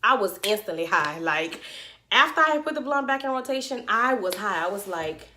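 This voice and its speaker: A young woman vlogger telling a story to her viewers in an animated, slangy way. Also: medium pitch, moderate pace. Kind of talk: storytime vlog.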